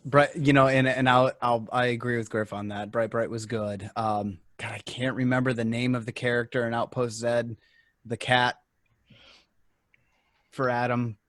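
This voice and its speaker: A man's voice: mid-range voice, level tone, normal speed, a bit bright, dry recording. Enthusiastic man on a dry close mic. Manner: enthusiastic, emphatic. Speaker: podcast co-host. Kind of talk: casual chat among game masters.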